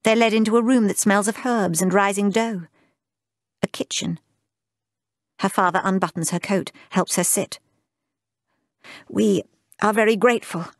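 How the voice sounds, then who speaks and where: A woman narrating a literary audiobook in a measured, lyrical, unhurried way. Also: mid-range voice, fairly even intonation, no room sound, studio quality.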